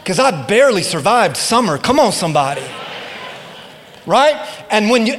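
A man with a high, lively voice preaches. He calls out to the congregation and pushes key lines hard. His voice carries a long reverb from a church hall. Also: moderate pace. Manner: call-and-response preaching, rising to emphatic bursts. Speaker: pastor. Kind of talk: sermon. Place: church sanctuary.

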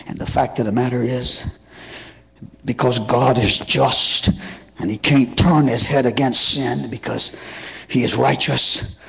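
A man preaching a sermon in a rhythmic call-and-response style, building up to shouted passages. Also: mid-range voice, gravelly.

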